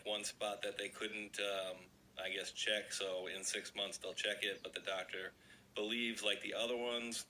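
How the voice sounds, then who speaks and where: A man with a slightly raspy voice hosting an online video, chatting casually and reading an article aloud to his viewers. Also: fairly low pitch, sharp tone, slight background noise, low-quality recording. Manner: chatty, addresses viewers as guys.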